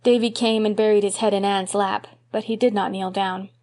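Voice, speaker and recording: A woman narrates a classic novel as an audiobook in a steady, mid-range voice. Her reading is measured and expressive, with a calm storytelling pace. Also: mid-range voice.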